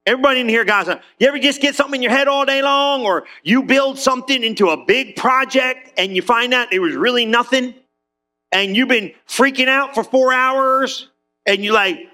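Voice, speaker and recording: A high, bright-voiced man preaching. He talks fast and loose like a conversation, calling out to his congregation for amens. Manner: lively and conversational, calls for amens. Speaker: pastor. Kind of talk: sermon.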